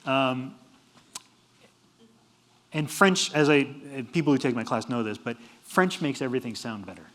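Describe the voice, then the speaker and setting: A middle-aged man giving a humorous university lecture, animated and laughing at his own jokes. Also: mid-range voice, normal speed. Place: lecture hall.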